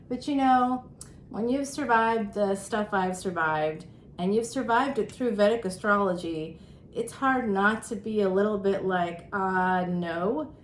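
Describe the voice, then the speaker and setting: Middle-aged woman tarot reader, breathless, chatty and self-deprecating, echoey room. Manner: chatty, self-mocking, with frequent laughs. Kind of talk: casual chatty monologue. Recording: roomy echo with faint rumble.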